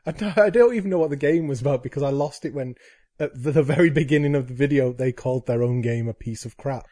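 A man co-hosting a casual podcast, speaking in a measured, hesitant way. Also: mid-range voice, mellow, dry recording, clean studio sound. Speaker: podcast co-host. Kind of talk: casual chat.

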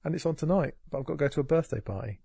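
A man's voice: on the high side, animated, racing, creaky, dark tone, breathy edge, no room sound. A man co-hosting a podcast, chatting casually in a rambling, sweary and sarcastic way. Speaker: podcast co-host. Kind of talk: casual chat.

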